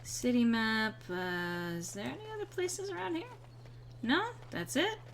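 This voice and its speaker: A woman's voice: on the high side, animated, a little slow, slight background noise. A woman streaming a game, chatting casually with playful, rambling asides. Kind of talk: casual gameplay commentary.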